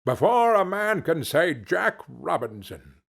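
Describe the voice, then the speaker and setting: A man voicing a jovial, stout old male merchant with a rich, oily voice, calling out loudly in a storybook reading. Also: on the high side, sing-song, slow, vocal fry, slightly rough, pitched above the performer's own voice, full character voice.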